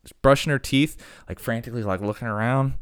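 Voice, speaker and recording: A man's voice: medium pitch, fast talker, clear, resonant tone, no room sound, studio quality. A man talking casually, rambling through stories with lots of fillers and asides.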